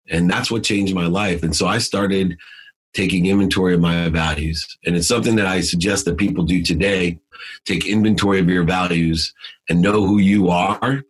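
Middle aged guy, deep husky voice, punchy motivational talk. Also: steady tone, normal speed. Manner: emphatic, punchy short phrases. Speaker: guest. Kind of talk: motivational storytelling.

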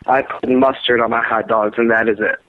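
A man calling in to a podcast, speaking in a low-key, mild-mannered, flat way. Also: a little fast, no echo. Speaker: caller. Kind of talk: phone-in chat. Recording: tinny phone line.

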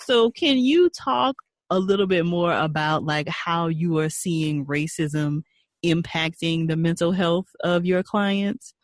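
A woman's voice: on the low side, slow pace, no room sound. A woman therapist hosting an interview, asking questions in a chatty, casual way. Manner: chatty, many "like" and "kind of" fillers. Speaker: therapist, podcast host.

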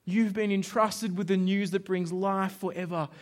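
Speaking at a normal speed in a high-sitting voice, a man preaches as a pastor. The sermon unfolds as animated stories in which he plays out dialogue, complete with shouts.

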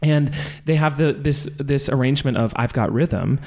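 Animated man telling a funny story. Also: medium pitch, normal speed, slight background noise. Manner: animated, self-deprecating, laughing storyteller. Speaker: podcast guest, actor. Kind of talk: casual storytelling.

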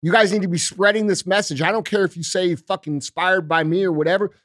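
A man's voice: high-pitched, fairly even intonation, fast talker, fairly bright tone, no room sound, clean studio sound. A man hosting a podcast, ranting with heavy swearing and repeated rhetorical questions. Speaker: podcast host. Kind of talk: profane political rant.

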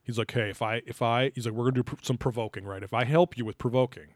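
A man's voice: mid-range voice, fairly even intonation, fast, dry recording, studio quality. A young man co-hosting a podcast, recapping a TV episode in loose, joking chat with lots of fillers and laughter. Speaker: podcast co-host.

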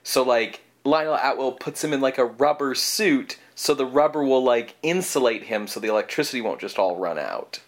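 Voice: mid-range voice, expressive, normal speed, few pauses. A co-host in casual chat, explaining ideas and often filling with "like". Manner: chatty, says 'like' often, playfully mimics lines. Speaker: podcast co-host.

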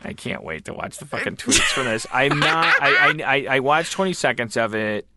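A man co-hosting a casual podcast chat, excitable and profane, often stammering and restarting his sentences. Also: mid-range voice, fairly quick, heavy background noise. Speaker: podcast co-host.

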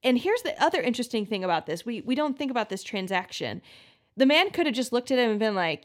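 Woman, health podcast host, mid-pitched voice, casual solo talk that slips into quoted voices. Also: sing-song, fast. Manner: chatty, many "like" fillers, acts out quoted voices.

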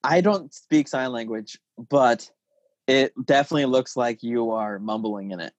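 A man's voice: medium pitch, normal speed, no room sound, lo-fi sound. Joking man hosting a podcast chat. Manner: joking, animated, laughs often. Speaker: podcast host. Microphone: podcast mic.

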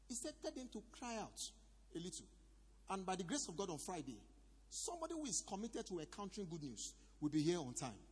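A man's voice: high voice, husky. A man with a Nigerian accent preaching a sermon as pastor in a church hall, calling out questions for the congregation to answer. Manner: preaching with shouted call-and-response. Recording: reverberant hall.

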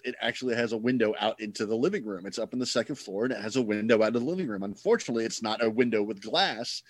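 A man's voice: mid-range voice, no echo. A man co-hosting a podcast in casual chat, rambling and starting over often, with a gloomy outlook. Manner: rambling, self-interrupting, gloomy. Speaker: podcast co-host.

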